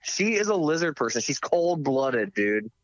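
A young man in casual chat, telling stories in a profane, animated way. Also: on the high side, moderate pace. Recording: dull lo-fi dry sound.

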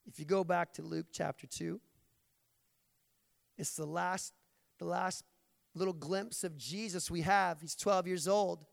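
A man's voice: high voice, fairly even intonation, unhurried, vocal fry, long pauses. Man, preacher, sermon, playful jokey delivery, long hall reverb.

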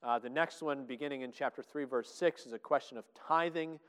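A man preaching a Bible teaching, excitable, with many filler "uh"s and restarts. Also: medium pitch, a little fast, clear, resonant tone. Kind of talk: sermon-style Bible teaching. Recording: long echoey hall reverb.

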